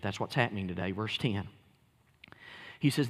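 A man preaching a sermon, impassioned and shouting at his peaks. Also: mid-range voice, animated, brisk, big-room sound. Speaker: pastor. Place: church sanctuary.

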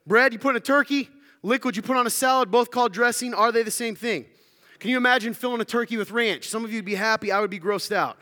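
A man with a Southern American accent delivers an interactive sermon, his high voice bright and forceful. Playful and jokey, he quizzes the congregation, and the recording carries a long hall reverb.

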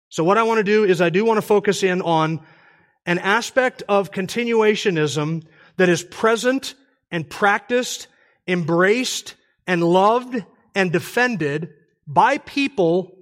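High-voiced man giving an emphatic sermon. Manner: emphatic, argumentative. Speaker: conference speaker. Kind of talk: conference sermon. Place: church.

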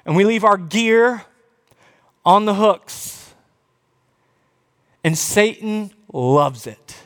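A man preaching a sermon, telling Bible stories with animated quoted voices. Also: high-pitched, extremely slow. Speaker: pastor. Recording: long reverb of a large hall.

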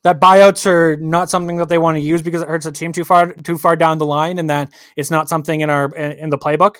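A man's voice: fairly high pitch, little pitch movement, fast, a bit bright, dry recording, studio quality. A man co-hosting a sports podcast, talking casually and ranting with lots of repeated words. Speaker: podcast co-host.

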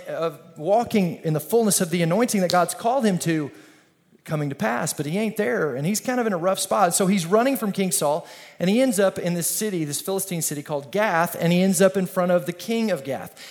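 Pastor, man, slightly high voice, energetic conversational sermon, call-and-response.

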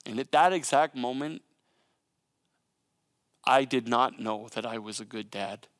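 A man in his thirties preaching a sermon, moving between impassioned, repetitive preaching and quiet personal storytelling. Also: mid-range voice, unhurried, no room sound, clean studio sound. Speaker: pastor.

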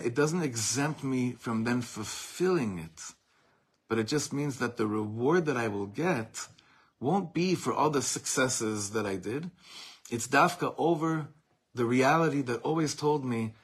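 A man's voice: medium pitch, slightly rough. A man teaching a Torah lesson as a rabbi, speaking with passion and emphasis, repeating phrases for force and mixing Hebrew terms into his English.

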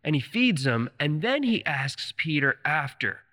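A man's voice: on the high side, big pitch swings, unhurried, pushed and bright, in a large hall. A man preaching a sermon, retelling scripture stories with fervent enthusiasm.

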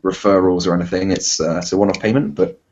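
A man's voice: deep voice, fairly even intonation, quick pace, dull audio, noisy background. A man with a Bristol English accent, hosting a casual podcast chat, rambling and self-deprecating with lots of fillers and restarts. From England. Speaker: podcast host.

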